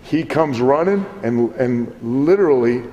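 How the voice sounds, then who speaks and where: A man's voice: medium pitch, measured pace, highs cut off. A middle-aged man coaching wrestlers, critiquing matches and acting out scenes with swearing. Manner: animated, profane, acts out scenes. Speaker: wrestling trainer. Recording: echoey hall, faint background noise.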